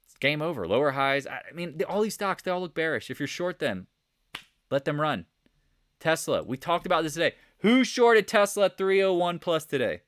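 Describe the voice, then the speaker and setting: A man giving a casual, joking stock market recap over charts, animated and rambling, with sound effects. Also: fairly high pitch, brisk, no room sound, studio quality. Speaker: market commentator.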